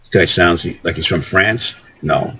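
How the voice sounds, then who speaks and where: Deep husky man, rambling talk. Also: measured pace, sharp tone, poor audio. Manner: rambling, repeats words and restarts. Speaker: guest. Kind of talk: casual call-in talk.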